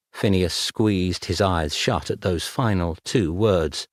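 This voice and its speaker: Man narrating an audiobook, slow and measured, dry close sound. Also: deep voice, dry recording. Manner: measured, even storytelling. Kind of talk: scripted narration.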